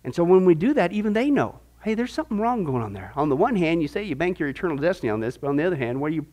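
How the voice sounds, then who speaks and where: A man's voice: fairly high pitch, animated, rapid-fire, a little mellow. A man teaching a discipleship Bible class, asking rhetorical questions and acting out little voices as he goes.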